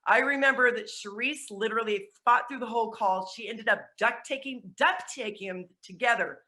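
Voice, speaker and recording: A woman speaking from home on a video call, giving an energetic, chatty network-marketing presentation while sweaty and flustered. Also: fairly high pitch, moderate pace. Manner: energetic and chatty, laughing at herself. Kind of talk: motivational online presentation. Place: at home with dogs.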